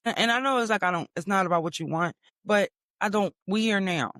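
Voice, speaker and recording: High-voiced man telling a profane story. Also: fast, few pauses, no room sound, studio quality. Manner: animated, profane, dramatic storytelling. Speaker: podcast host. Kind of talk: storytelling monologue.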